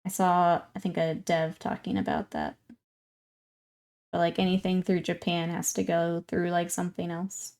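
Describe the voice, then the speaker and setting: A woman's voice: lowish voice, steady tone, moderate pace, a little mellow. Chatty giggly woman streamer. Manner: chatty, laughs often, greets chat. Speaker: livestreamer. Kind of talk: casual chat with viewers while hobby painting.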